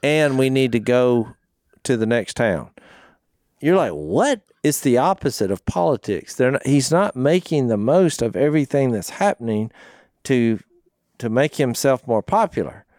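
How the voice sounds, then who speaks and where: A man co-hosting a casual Bible discussion, animated and telling stories, acting out the quotes. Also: medium pitch, a little slow, no echo, clean studio sound. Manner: animated storyteller, acts out quotes. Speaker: podcast co-host.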